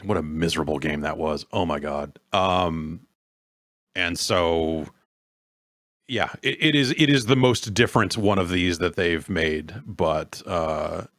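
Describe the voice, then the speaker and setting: A man hosting a casual podcast, rambling and halting, with dry sardonic remarks. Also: low-pitched, fairly bright tone, no echo. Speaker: podcast host. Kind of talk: casual chat.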